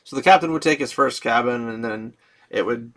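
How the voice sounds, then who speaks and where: Gravelly man casually retelling a story. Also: mid-range voice, a little fast, fairly bright tone. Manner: gravelly, chatty, laughs often. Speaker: host retelling a fantasy novel.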